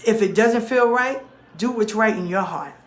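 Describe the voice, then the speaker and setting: A woman talks straight to her followers in a blunt, swearing monologue. She acts out whole exchanges herself, switching between the voices. Her voice is mid-pitched and rings around an echoey room. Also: moderate pace. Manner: blunt, profane and animated, acts out both sides of conversations. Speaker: host of a talk show.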